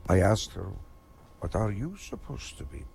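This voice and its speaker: A man's voice: on the low side, big pitch swings, moderate pace, vocal fry, darkish tone, slight background noise. A man doing a stand-up comedy set of corny jokes in a vampire persona, in an online voice chat.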